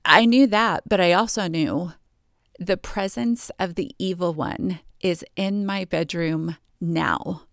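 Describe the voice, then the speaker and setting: A woman with a somewhat low voice tells a personal testimony of faith. She speaks earnestly and reflectively, pausing often and reaching for words. The recording is dry, with no room sound. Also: no room sound. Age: adult, married. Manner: earnest, reflective, with pauses and fillers. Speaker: Christian speaker sharing a testimony.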